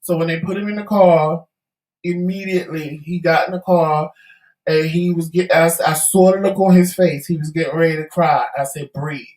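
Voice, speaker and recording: A man's voice: fairly high pitch, fairly even intonation, normal speed, darkish tone. A man co-hosting a talk show, telling a story casually and acting out the voices of the people in it. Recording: echoey room.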